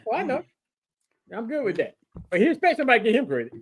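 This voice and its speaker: A man's voice: very high voice, wildly swooping pitch, a bit bright, breathy edge. A man co-hosting a casual sports talk show, explaining himself over and over with growing exasperation. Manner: exasperated, repeats himself slowly. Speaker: podcast co-host.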